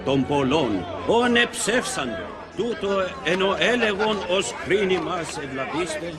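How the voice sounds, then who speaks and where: A man's voice: high voice, sing-song, moderate pace, a crowd in the background. An actor playing an elderly male philosopher who defends himself in court, declaiming a formal speech. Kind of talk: film dialogue. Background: music.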